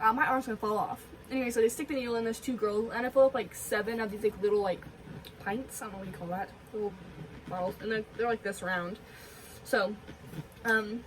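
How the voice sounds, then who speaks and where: A woman's voice: fairly high pitch, distant mic, slight background noise, rough recording. A young woman in her teens chatting casually in a vlog, rambling with lots of fillers and giggly asides. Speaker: vlogger.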